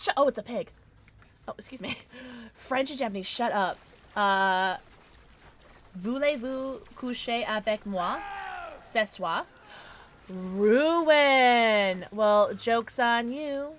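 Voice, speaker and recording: A woman streams a game and talks loosely with her viewers, rambling from one thought to the next and laughing along. She sounds tired. Her voice sits at an ordinary middle pitch for a woman. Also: gravelly, slight background noise. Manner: chatty and rambling, reading out viewers' names, laughing often. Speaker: livestreamer. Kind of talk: casual chat with viewers while gaming.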